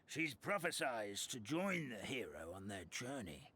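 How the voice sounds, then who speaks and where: A man voicing a kindly, forgetful old paper grandfather in a game cutscene, gentle and chuckling, with old-fashioned blessings. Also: mid-range voice, big pitch swings, unhurried. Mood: warm. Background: soft game music.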